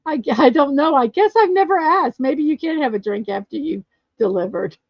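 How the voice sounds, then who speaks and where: A chatty woman hosts a casual live show, trading stories with viewers and laughing often. Her voice sits a little high. The sound is dull and lo-fi, with a dry, close feel. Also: animated, normal speed, no echo. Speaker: livestream show host. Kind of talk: casual chat reading viewer comments.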